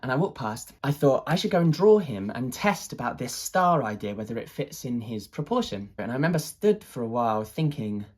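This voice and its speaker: An artist with a husky, mid-pitched voice rambles loosely through a personal story, hesitating with fillers and restarts. There's an excitable sense of wonder in it, and the delivery is brisk with hardly any pauses.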